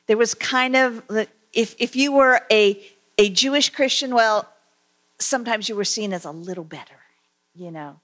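A woman giving a conversational sermon, asking her listeners questions and reading scripture aloud, with frequent pauses and fillers. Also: on the high side, fairly bright tone. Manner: conversational, asks the congregation questions; halting, many fillers. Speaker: preacher.

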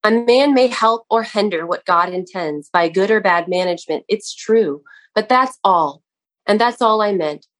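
A woman's voice: medium pitch, moderate pace, lightly acted. A woman reading aloud and voicing a kindly male nursery gardener who explains things earnestly to a lad. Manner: earnest, explaining, sometimes exclaiming.

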